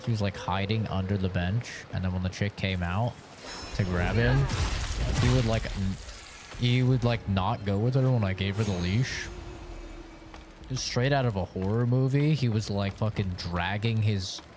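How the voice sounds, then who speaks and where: Low-voiced man rambling while gaming. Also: normal speed, noisy background. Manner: rambling, profane storytelling. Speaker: game streamer. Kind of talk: casual chat while gaming. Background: game music.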